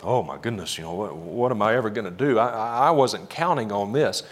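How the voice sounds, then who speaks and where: A man's voice: lowish voice, animated, brisk, big-room sound. A man voicing a panicking, flustered God in a mocking, sarcastic way.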